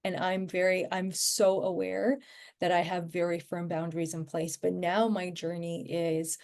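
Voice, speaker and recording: A woman's voice: fairly low pitch, little pitch movement, a little slow, darkish tone. A woman talking as a podcast guest in a casual, rambling way, full of fillers and restarts. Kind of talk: casual conversational podcast chat.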